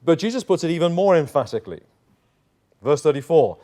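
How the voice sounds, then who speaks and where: Guy preaching in church, kinda high voice, acts out voices, really emphatic. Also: very animated, fairly quick, long pauses, warm tone. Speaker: pastor. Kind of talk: sermon.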